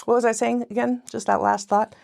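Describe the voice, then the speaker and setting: A woman's voice: on the high side, little pitch movement, fairly quick, creaky, a little mellow. A woman guest in casual podcast conversation, talking in a rambling way that often breaks off and restarts mid-sentence. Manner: rambling, self-interrupting, frequent restarts.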